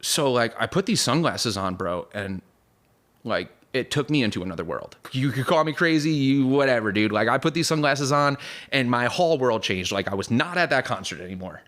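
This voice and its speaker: A man's voice: mid-range voice, expressive, fairly quick, a bit bright. Young man, casual storyteller, loose slangy rambling, voices the people in his tale. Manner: rambling, full of "like", "dude" and "bro", acts out voices in the story. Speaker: podcast guest.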